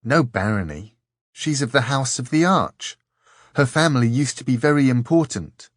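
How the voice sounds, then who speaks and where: A man's voice: mid-range voice, lively intonation, no echo, clean studio sound, voice pushed up, close to an everyday voice. A man voicing a thin, nervous young girl who talks earnestly and warily. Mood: matter-of-fact. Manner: earnest, wary, quick to take offence.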